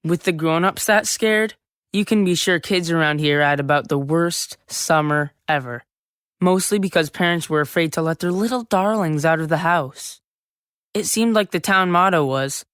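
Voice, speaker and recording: A woman playing a seventh-grade boy who narrates his own story in a full-cast audiobook, lively and chatty with sudden yells. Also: low voice, clean tone, no room sound. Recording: dry close studio sound.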